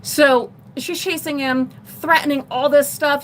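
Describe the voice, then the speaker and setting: A middle-aged woman vlogger telling a personal story in a rambling, animated way on a casual livestream. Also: sits high, unhurried, hardly any pauses, a little hiss or hum. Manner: rambling, animated retelling with laughs.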